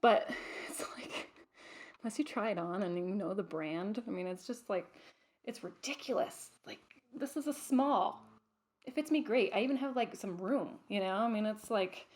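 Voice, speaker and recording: A woman's voice: medium pitch, moderate pace, darkish tone. A young adult woman hosting her own vlog, chatting casually to camera with lots of fillers and restarts. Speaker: vlog host.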